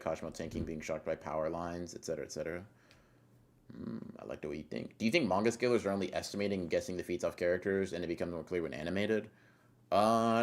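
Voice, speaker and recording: Low-voiced laid-back male streamer. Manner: laid-back, slangy, rambling with fillers and restarts; swears casually. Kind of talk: casual live-stream chat, reading and answering chat.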